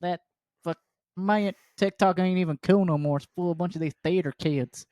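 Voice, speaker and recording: A man's voice: high voice, normal speed, darkish tone, no echo, studio quality, natural voice. A man voicing a grumpy middle-aged male Southern redneck worker with a thick Southern accent, drawling and crude. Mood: grumbling.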